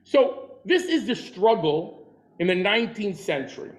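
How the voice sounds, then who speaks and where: A man's voice: high voice, sing-song, unhurried, low-quality recording. A man lecturing a class on history, telling stories and jokes along the way and often restarting his sentences. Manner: storytelling with jokes and acted quotes; repeats and restarts words. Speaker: teacher.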